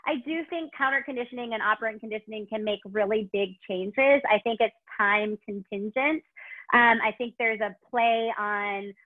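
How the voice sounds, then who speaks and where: This is a woman with a Chicago accent, a dog trainer answering questions in a webinar. Her voice sits a bit high and comes through a thin, phone-like call line. She gushes and rambles, filling pauses with ums. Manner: gushing, rambling, many ums. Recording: tinny phone-like call audio.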